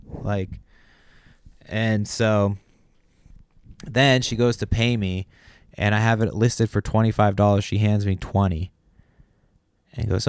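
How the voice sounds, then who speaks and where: A man with a lowish, smooth voice rambles through a story on his podcast, exasperated and loose with his swearing. The sound is close and dry, with no room around it. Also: normal speed, no echo. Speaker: podcast host. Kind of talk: casual solo podcast rant.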